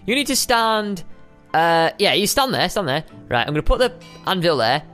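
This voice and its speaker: Chatty man, lively pitch. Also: normal speed, soft background music. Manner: playful and chatty, bursts into high squeals. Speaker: gaming video host. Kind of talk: casual gameplay commentary.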